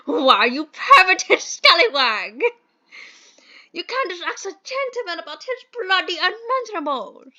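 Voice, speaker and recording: A woman voicing a fussy, flowery old-fashioned gentleman in a dating sim, with a put-on British accent and a pompous, theatrical manner. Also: very high voice, sing-song, slow, long pauses, muffled recording, voice pushed up, exaggerated voice.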